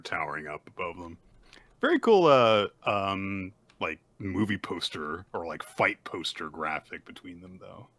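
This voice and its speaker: A man's voice: sits low, big pitch swings, measured pace, fairly bright tone, no echo. A man hosting a casual chat show, recapping a story in a laid-back way with lots of fillers and frequent laughs. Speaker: podcast host.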